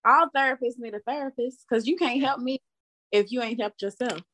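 An agreeable woman joins a casual conversation. She backs up her partner with quick interjections, then lays out her own view in an easygoing, plain way. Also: fairly high pitch, fairly bright tone. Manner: agreeable, chimes in with short backing remarks. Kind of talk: casual chat.

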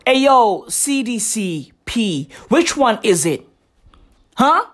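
A woman ranting in an exasperated, profanity-laced comedic style, her voice sitting a little high. She drags her words out slowly and lands every complaint with disbelief. The sound is close and dry, with no room around it. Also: sing-song, a bit bright, dry recording. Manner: exasperated, heated, slangy, swearing.

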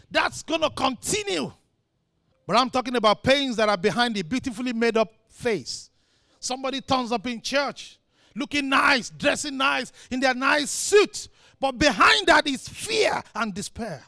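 A man preaching a sermon as pastor, impassioned, swinging between shouted lines and quiet ones. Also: extremely high pitch, no echo, studio quality.

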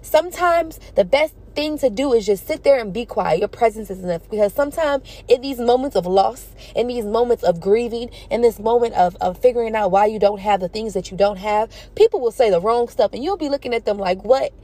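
A woman hosting a Bible study podcast, preaching in a casual, slangy and animated way. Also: on the high side, a little fast, hardly any pauses.

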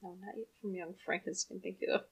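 A woman co-hosting a casual chat podcast, teasing her friend with short quick reactions. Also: medium pitch, fairly even intonation, husky. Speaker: podcast co-host.

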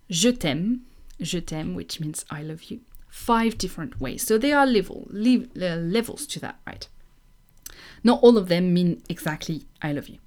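Slow, patient woman teaching phrases. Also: mid-range voice. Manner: chatty asides. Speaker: French teacher. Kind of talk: language lesson.

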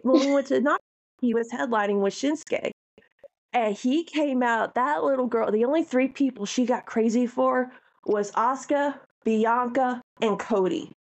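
A woman co-host talking casually with a slightly high voice. She tells stories in an animated, heartfelt way, leaning into the moments that matter to her. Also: normal speed, lo-fi sound. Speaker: podcast co-host. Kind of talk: casual chat.

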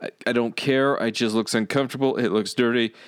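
A man's voice: mid-range voice, steady tone, brisk, clear, resonant tone, dry recording, clean studio sound. A man hosting a podcast in crude, easygoing banter, laughing often and swearing casually. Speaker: podcast host.

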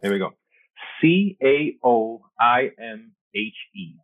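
A man's voice: medium pitch, big pitch swings, takes it slowly, dry recording. A man from New York City, a guest on a podcast, chatting in an easygoing, good-humored way over a remote call. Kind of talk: casual chat over a call. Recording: dry, tinny call audio.

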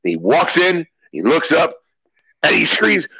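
An excitable male podcast co-host telling a story in casual chat. His voice is bright and husky, with lively pitch, and the recording sounds dull and lo-fi. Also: moderate pace.

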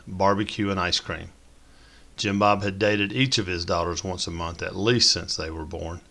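A man narrating a story in a steady, descriptive way. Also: deep voice, vocal fry. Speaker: audiobook narrator.

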